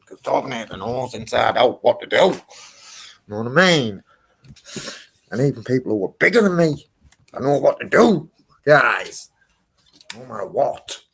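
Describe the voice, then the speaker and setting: A man's voice: medium pitch, husky. A man, talking in a casual, rambling vlog, swearing freely. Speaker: vlogger.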